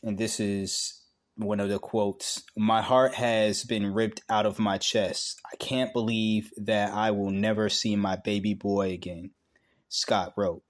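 A man reading a news article aloud in a slow, halting way, breaking off for blunt, profane asides. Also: lowish voice, little pitch movement. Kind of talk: casual commentary reading aloud.

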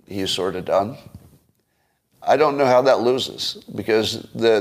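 A man hosting a solo commentary show, talking through the news in a wry, musing, conversational way. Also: fairly low pitch. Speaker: podcast host.

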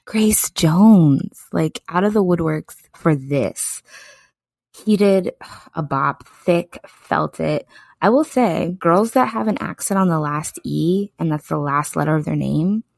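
A woman's voice: low-pitched, slow, vocal fry, a little mellow, no room sound. A young adult woman hosting a podcast, chatting casually and effusively. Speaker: podcast host.

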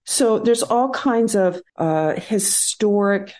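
Mellow-voiced woman surgeon, measured. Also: medium pitch, lively intonation. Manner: measured, earnest, with hesitant fillers. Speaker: orthopedic surgeon guest. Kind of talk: podcast interview, explaining.

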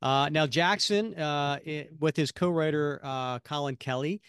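A man with a fairly high, bright, clear and resonant voice takes his time as he co-hosts a podcast. His casual talk rambles, full of fillers and restarts, and the studio-quality audio has no room sound.

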